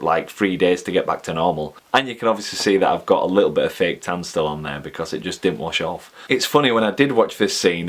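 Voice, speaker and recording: Deep-voiced Yorkshire man, jokey chat. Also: fairly bright tone. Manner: chatty, jokey, laughs often. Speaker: YouTube host. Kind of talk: casual chat.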